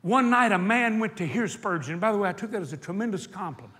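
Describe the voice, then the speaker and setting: A male preacher with a high voice delivers an impassioned sermon. He tells stories, drawing out key words slowly for emphasis. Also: lively intonation, pushed and bright. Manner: impassioned storytelling, slowing for emphasis. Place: hot indoor meeting hall.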